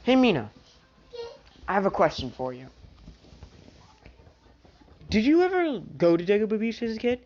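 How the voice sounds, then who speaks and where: A woman's voice: mid-range voice, wildly swooping pitch, normal speed, pauses often, darkish tone, highs cut off. A woman voicing an earnest, shy teenage boy hero in a homemade fan story, in a loose, offhand way.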